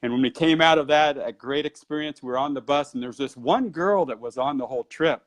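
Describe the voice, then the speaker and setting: A man with an ordinary middle-pitched voice tells a personal story in an interview. His delivery is animated, and his pace speeds up and slows down as the tale builds. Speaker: Qigong and Tai Chi teacher.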